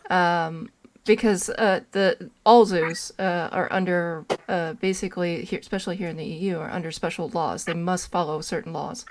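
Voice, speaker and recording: A woman's voice: lowish voice, fairly even intonation, moderate pace, background noise. A woman joining a casual chat, stammering and insistent as she argues her point. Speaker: caller joining a podcast.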